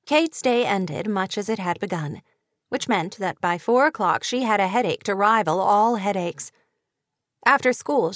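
A woman narrating a romance novel in a steady, even storytelling voice. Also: medium pitch, dry recording. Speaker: audiobook narrator.

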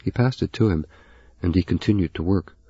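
Deep husky male audiobook narrator. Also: a little fast, dark tone, no echo, dull audio. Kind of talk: scripted narration.

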